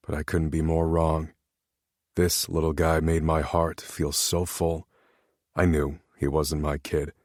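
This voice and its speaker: A man narrating a romance audiobook in a calm, even storytelling voice. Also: rumbling low, dry recording, studio quality.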